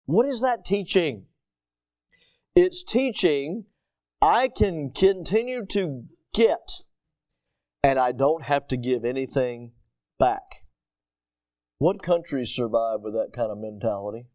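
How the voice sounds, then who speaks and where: Male pastor, sermon delivery, rhetorical and emphatic, fairly high voice. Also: expressive, a little mellow. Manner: emphatic, rhetorical questions, drawn-out pauses.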